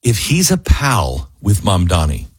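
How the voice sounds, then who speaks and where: A man's voice: sits low, wildly swooping pitch, measured pace, breathy edge, no echo. A man hosting a talk radio show, delivering an opinionated monologue and live ad reads, often mocking people with put-on quotes.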